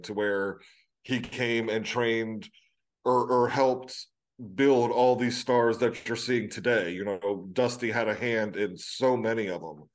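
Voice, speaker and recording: A man talking casually about wrestling, thinking aloud with hesitant fillers. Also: on the low side. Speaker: podcast co-host.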